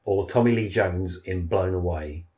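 A man's voice: low voice, a little slow, dark tone. A man co-hosting a podcast, telling jokey, sweary stories in casual banter. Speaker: podcast co-host.

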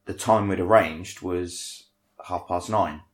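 Low-voiced man telling a story. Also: takes it slowly. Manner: rambling, self-mocking, swears casually. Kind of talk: casual anecdote among friends. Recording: echoey room.

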